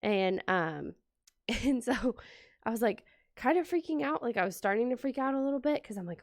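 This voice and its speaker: Animated and fairly quick, this medium-pitched, gravelly woman is a planner vlogger talking casually indoors at home as she decorates her planner. She tells a story, performs the quotes, and fills in with "like," all in clean studio sound with no room echo.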